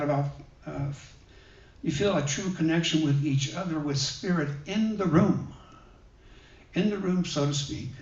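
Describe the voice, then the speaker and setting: Gentle and conversational, a male guest minister preaches a sermon of personal stories, his slightly high voice broken by many pauses and fillers. He's in a church hall. Because the microphone is distant, the sound comes across roomy, dull and muffled.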